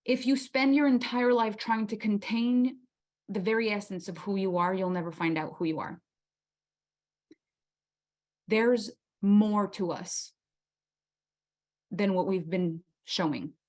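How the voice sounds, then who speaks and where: A woman's voice: medium pitch, slow pace, long pauses, darkish tone. A woman with a mid-range voice leads a motivational masterclass. She talks with passion, throws rhetorical questions at her audience and acts out the voices in people's heads. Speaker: masterclass host. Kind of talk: motivational workshop talk.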